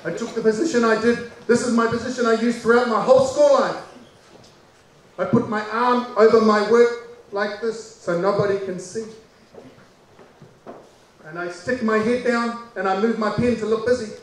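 A man performing a personal story aloud, dramatic and full of pauses, acting out the people in it. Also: high voice, steady tone. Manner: dramatic, acts out voices and pauses. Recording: echoey room from far off with faint background noise.

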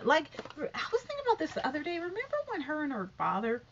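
A woman's voice: high-pitched, quick pace, few pauses, slight background noise. A woman rambling through a casual opinion vlog about a talk show, full of fillers and asides. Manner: rambling, animated, many fillers. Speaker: YouTuber commenting on a talk show. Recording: dull lo-fi recording.

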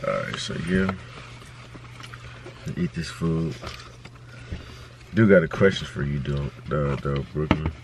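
A young man hosting a casual eating video, asking questions in a relaxed, slangy way. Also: a bass voice, slow pace, pauses often, slight background noise. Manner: laid-back slangy questioning. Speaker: YouTube host. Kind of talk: casual mukbang chat.

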